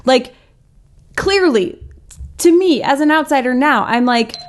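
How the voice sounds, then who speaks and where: A woman's voice: high voice, lively intonation, unhurried. Woman talking over clips, sarcastic and chatty, says like a lot. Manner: sarcastic, chatty, lots of likes. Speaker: commentary host. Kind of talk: sarcastic reaction commentary.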